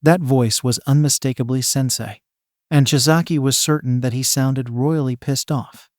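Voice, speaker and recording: A man's voice: mid-range voice, steady tone, normal speed, dry recording. Man narrating fan fiction, dry and close. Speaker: story narrator.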